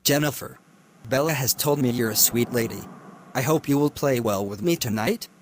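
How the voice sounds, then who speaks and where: A man voicing a smooth, leering rich man in a cartoon story, in a medium voice with an easy, self-assured drawl. Faint noise sits under the recording. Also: mid-range voice, moderate pace, lightly acted. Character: smooth-talking predatory wealthy man. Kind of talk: animated story voice acting.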